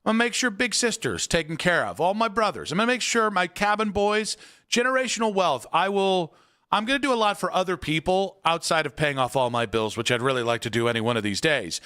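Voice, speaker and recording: Bright, lively-voiced radio host man. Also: sits high, fairly quick, clean tone. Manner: animated, joking storyteller. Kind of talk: casual radio banter. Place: radio studio.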